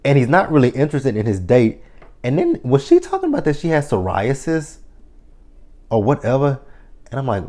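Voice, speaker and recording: A man in his thirties reviews TV episodes, casually recapping one in a chatty, profane way and laughing often. His mid-range, mellow voice swoops wildly in pitch at a normal speed.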